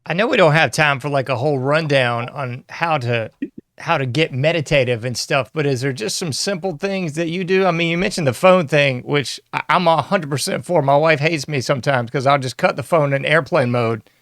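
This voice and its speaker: A man hosting a podcast, chatting casually and relaxed with his guest. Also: fairly high pitch, normal speed, no echo, clean studio sound. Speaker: podcast host. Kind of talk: casual interview chat.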